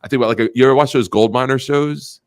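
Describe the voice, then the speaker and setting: Man guest, lively storyteller, jumps up in pitch for quotes, mid-pitched voice. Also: racing. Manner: animated, acts out quotes in a raised voice; frequent fillers and restarts. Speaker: podcast guest, insurance agent. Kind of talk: casual storytelling chat.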